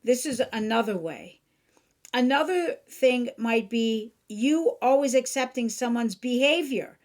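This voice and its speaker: A woman's voice: on the high side, expressive, unhurried, darkish tone. A woman who hosts a podcast as a life coach, talking earnestly in a solo instructive monologue and acting out examples.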